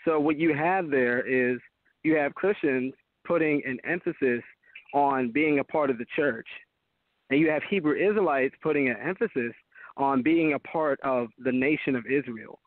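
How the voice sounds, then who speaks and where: A Christian apologist, a man, calls in as a guest on a talk show debate, sounding emphatic and preacherly. His mid-range voice moves at normal speed with no room sound, coming through tinny phone-line audio.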